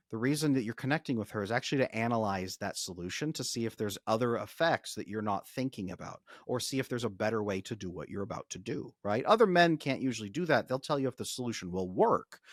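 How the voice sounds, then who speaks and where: A man's voice: on the low side, no room sound, clean studio sound. A man, a relationship coach, explaining ideas animatedly as a guest on a podcast, acting out example conversations. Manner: animated, explanatory, talks through acted examples. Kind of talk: podcast interview.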